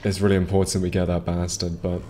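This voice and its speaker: Fast-talking with a completely flat delivery, a man with a low-pitched, warm voice streams a video game over slight background noise. He rambles casually to his audience via headset or desk mic, with frequent ums and restarts.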